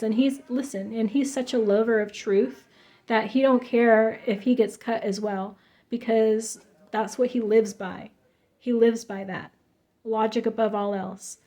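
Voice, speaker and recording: A woman's voice: on the high side, steady tone, a little slow, mellow. A woman giving a casual tarot reading in an emphatic, chatty way, full of fillers and restarts. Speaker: tarot reader.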